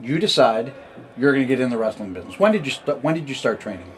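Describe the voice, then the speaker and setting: Quick-talking male interviewer. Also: mid-range voice, animated. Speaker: interview host. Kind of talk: casual interview questions.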